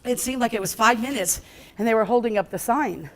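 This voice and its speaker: A woman giving a lively talk at a business event, laughing often and acting out what people said to her. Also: fairly high pitch, brisk, poor audio. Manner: animated, laughs often, acts out quotes. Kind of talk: motivational stage talk with storytelling. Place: event stage before a live audience.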